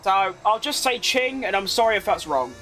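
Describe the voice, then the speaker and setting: A man giving live commentary over his racing game, excitable and quick to shout at close calls, with casual swearing. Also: high-pitched, a little hiss or hum. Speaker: gaming creator.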